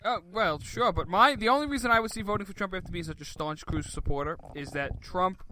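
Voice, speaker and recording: Brooklyn guy hosting a radio show, talks quick and high, cracks jokes a lot. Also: bright, forceful tone, slight background noise. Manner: quick, joking, laughs often. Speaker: radio host. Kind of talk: casual radio banter.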